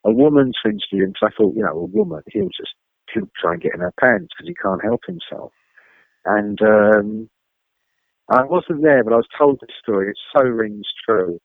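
Gravelly man telling tales down a phone line. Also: medium pitch, normal speed, dry recording. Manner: animated, swearing, acts out the people in his stories. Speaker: interview guest, rock journalist. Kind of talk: anecdotal storytelling over a phone call. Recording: dry, tinny phone line.

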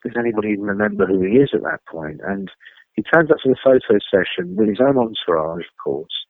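A man, a rock journalist, telling animated anecdotes as an interview guest and acting out the people in his stories, heard over a phone line. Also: mid-range voice, gravelly, no echo. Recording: dry, tinny phone line.

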